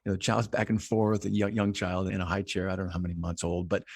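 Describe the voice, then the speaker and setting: A man's voice: low-pitched, flat delivery, quick pace, gravelly, slightly rough, no echo, studio quality. A man on a mental health podcast, explaining concepts at length in conversation and often posing rhetorical questions.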